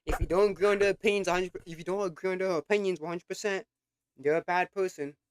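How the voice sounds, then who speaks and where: A man's voice: high-pitched, fairly even intonation, fast. A young man hosting a reaction video, who talks bluntly with lots of swearing and repeats himself in exasperation. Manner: blunt, profane, exasperated, repetitive. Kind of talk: casual reaction commentary.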